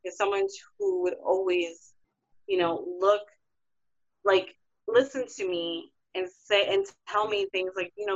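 A woman's voice: medium pitch, big pitch swings, measured pace. Hesitant woman, muffled lo-fi audio. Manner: hesitant, searching for words. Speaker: guest. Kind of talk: casual conversation.

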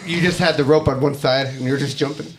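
A man's voice: medium pitch, fairly even intonation, quick pace, noisy background. A man teasing his friends in casual banter, giggling as he talks.

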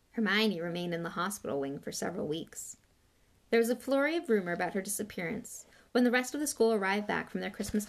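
A woman's voice: medium pitch, gravelly. A woman reading a novel aloud in a plain way with small slips and restarts. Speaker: audiobook reader.

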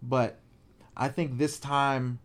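A man's voice: mid-range voice, little pitch movement, takes it slowly. A man co-hosting a podcast, talking casually and earnestly, his voice climbing when he is moved. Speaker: podcast co-host. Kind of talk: casual conversation.

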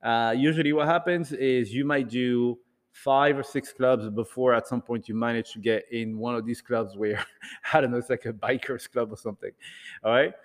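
A man telling a rambling, animated story to an audience in a casual talk, acting out bits of dialogue. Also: mid-range voice, moderate pace, big-room sound. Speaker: speaker addressing an audience.

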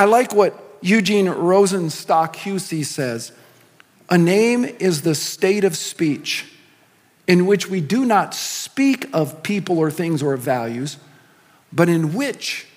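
A middle-aged man preaching a sermon as pastor, talking in a loose, joking way with many asides. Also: high-pitched. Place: large church hall. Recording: long hall reverb.

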